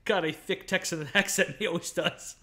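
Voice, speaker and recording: A man co-hosting a casual film review podcast, animated and quick to laugh, with jokey asides. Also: high-pitched. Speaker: podcast co-host.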